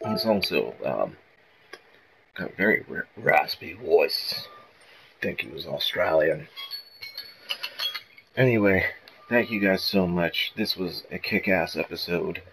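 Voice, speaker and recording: A man's voice: deep voice, animated, measured pace, creaky, long pauses, a bit bright, a little hiss or hum, rough recording. A man hosting a gaming video, rambling casually and self-mockingly with plenty of swearing. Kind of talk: casual gameplay commentary.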